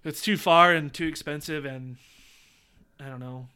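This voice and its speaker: A man's voice: a little high, a little slow, clear, resonant tone. A man co-hosting a podcast, chatting casually and jokily, acting out movie lines. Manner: animated, jokey, acts out movie lines. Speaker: podcast co-host. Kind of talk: casual chat.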